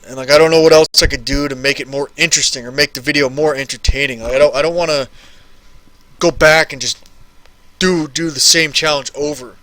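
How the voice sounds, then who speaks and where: A man's voice: on the high side, steady tone, a little fast, a bit bright, dry recording. A man in his thirties casually chatting on a live stream, answering viewer questions and rambling and repeating phrases.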